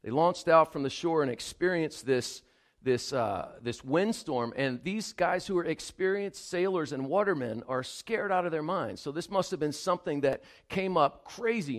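A male pastor preaching a sermon, speaking earnestly and rising to emphatic appeals to the congregation. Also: on the high side.

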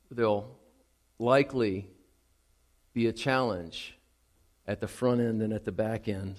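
A man preaching a sermon, moving from calm teaching to loud, excited emphasis. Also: mid-range voice. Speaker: pastor.

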